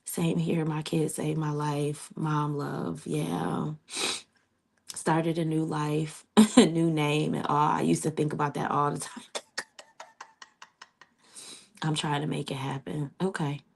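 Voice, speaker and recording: A woman's voice: sits low, level tone, takes it slowly, vocal fry, long pauses, a little mellow, husky. A middle-aged woman hosting a casual livestream, chatting with her viewers and calling them "child" and "honey". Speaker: livestream host.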